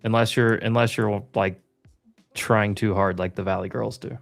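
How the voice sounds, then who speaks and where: Co-host: young man, low with a gravelly edge, relaxed, stumbling chat. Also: normal speed, soft background music. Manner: relaxed, stumbles over words, repeats himself. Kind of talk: casual chat.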